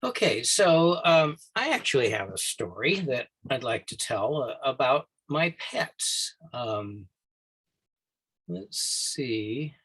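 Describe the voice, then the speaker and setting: A man speaking slowly and haltingly on a video call, starting a story. His voice is bright yet husky, with clicks in the background. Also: medium pitch, big pitch swings, low-quality recording. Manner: hesitant, halting with fillers. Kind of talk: casual meeting talk.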